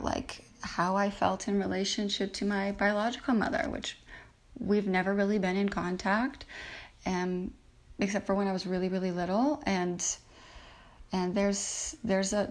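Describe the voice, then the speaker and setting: A woman's voice: medium pitch, steady tone, normal speed. A woman hosting a podcast, telling a personal story in a reflective, emotional way, with many fillers and restarts. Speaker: podcast host. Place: lives in a big city with a rooftop terrace.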